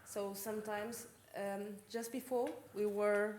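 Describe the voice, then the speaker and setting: Woman, audience member, slow and halting, mid-pitched. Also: flat delivery, a little mellow, slight background noise. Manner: hesitant, many fillers and restarts.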